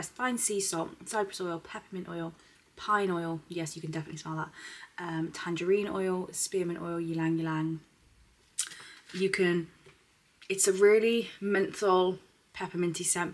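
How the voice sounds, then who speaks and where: A woman chatting casually at home, swearing freely and slipping into soft, half-whispered asides. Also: fairly low pitch, husky. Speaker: beauty vlogger. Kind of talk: casual unboxing chat. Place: at home, indoors.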